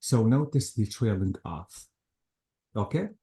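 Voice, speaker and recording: A man's voice: on the low side, animated, a little slow, mellow. A man teaching an English grammar lesson, patiently repeating points and checking that the student follows.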